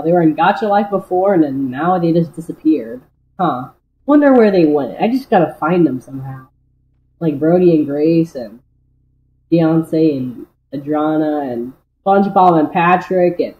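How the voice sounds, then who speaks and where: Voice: medium pitch, roomy sound, narrow, tinny audio, slight background noise. A young creator voicing a homemade cartoon, talking in a rambling, hesitant way with many fillers. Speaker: creator voicing all characters. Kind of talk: amateur cartoon voice-over.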